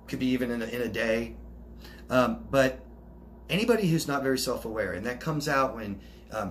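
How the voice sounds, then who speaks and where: A man's voice: medium pitch, slight background noise. A man coaching viewers, reading out their comments and answering them in a chatty, reassuring way. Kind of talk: casual solo Q&A, reading out comments.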